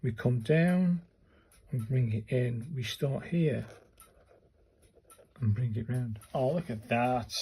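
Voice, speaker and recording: The host of a calligraphy channel, still learning himself, casually narrates his practice, talking himself through each stroke in a mutter. He has a mid-range, darkish voice, and the poor audio carries a little hiss or hum.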